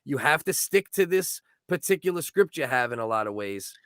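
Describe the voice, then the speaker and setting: A man's voice: medium pitch, expressive, normal speed, fairly bright tone, dry recording, studio quality. A married man co-hosting a comedy podcast, chatty and agreeable, often adding "you know what I mean" as he talks things through. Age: adult. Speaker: podcast co-host. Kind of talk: casual podcast chat.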